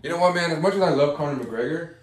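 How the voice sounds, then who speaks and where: A man co-hosting a casual comedy podcast, relaxed, opinionated and swearing. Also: fairly high pitch, fast. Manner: laid-back, swearing, opinionated about fighting. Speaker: podcast co-host. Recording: echoey room, mic at a distance, faint noise.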